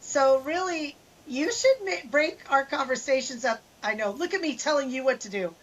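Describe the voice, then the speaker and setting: An older woman co-hosting a casual chat podcast, frank and quick to laugh. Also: high voice, expressive, dull audio. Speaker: podcast co-host. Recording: voice a bit off-mic.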